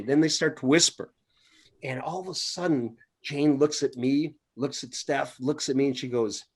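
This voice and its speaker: A man's voice: a little high, steady tone, a little fast, a little mellow. A man co-hosting a podcast, telling a playful, exaggerated story to open the show. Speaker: podcast co-host. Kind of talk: casual storytelling intro.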